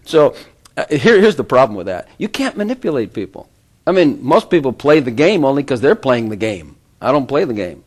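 A man's voice: mid-range voice, very animated, fairly quick. A middle-aged man giving an informal sermon, rambling with conversational asides and frequent chuckles. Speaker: preacher.

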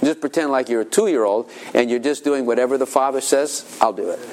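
A man's voice: mid-range voice, fairly quick, a little mellow. An older man giving an informal sermon as a pastor, telling rambling family stories and acting out children's voices.

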